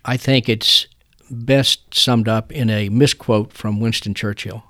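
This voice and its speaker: A man's voice: on the low side, steady tone, slow, fairly bright tone. An older man, a trial lawyer telling folksy stories in an interview. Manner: folksy, drawling storyteller. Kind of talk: interview storytelling.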